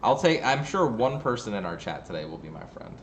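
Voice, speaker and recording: Low-voiced goofy male co-caster. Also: very animated, a little fast. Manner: goofy, playful, self-mocking. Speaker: stream co-caster. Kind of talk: casual esports stream banter.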